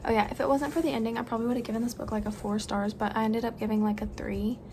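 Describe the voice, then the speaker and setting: A woman's voice: fairly high pitch, steady tone, fast talker. Bubbly young woman vlogger. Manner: bubbly, chatty, lots of fillers. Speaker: book vlogger. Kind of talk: casual chat to camera. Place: home room with a fan running. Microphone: camera propped on the floor. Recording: noisy room with fan hum.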